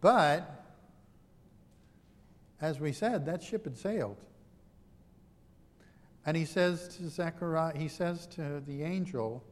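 A man's voice: a little high, slow pace, long pauses, in a large hall. A man preaching a sermon in a conversational, self-deprecating storytelling manner.

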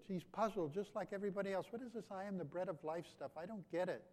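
A male pastor delivering a sermon with a voice pitched a touch high for a man. He drops low and soft, then builds to loud, pressing peaks, circling back over the same phrases. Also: fairly quick. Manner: swings from hushed to loud and emphatic, with repeated phrases.

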